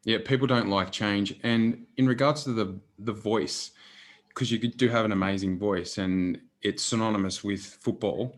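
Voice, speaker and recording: Male podcast host, deep low voice, conversational and a bit halting. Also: steady tone. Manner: conversational, stumbles over questions. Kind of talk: podcast interview.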